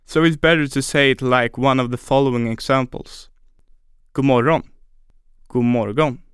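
A man teaching a scripted language lesson, speaking slowly and deliberately and repeating words syllable by syllable for pronunciation drills. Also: mid-range voice, steady tone, clear, resonant tone, no echo, studio quality.

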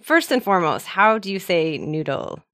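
A woman's voice: lowish voice, very animated, moderate pace, a bit bright, no echo, clean studio sound. A woman hosting a podcast language lesson, explaining patiently and cheerfully, often laughing as she prompts her co-host.

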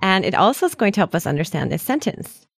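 A woman's voice: mid-range voice, very animated, quick pace, gravelly, no echo, clean studio sound. A woman co-hosting a language lesson, chatty and explaining patiently with frequent laughs. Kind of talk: casual podcast lesson.

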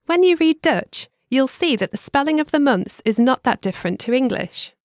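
A woman co-hosting a scripted language lesson, with a clear teacherly delivery that slows down to spell words out. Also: sits high, animated, no echo, clean studio sound.

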